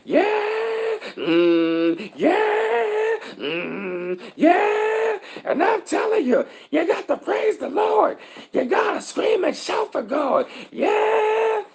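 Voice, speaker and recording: A wailing church organist in falsetto. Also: male voice, very animated, extremely slow, gravelly, raised voice, heavily acted. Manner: wailing falsetto yeahs and hums. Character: shouting male church organist, wildly singing.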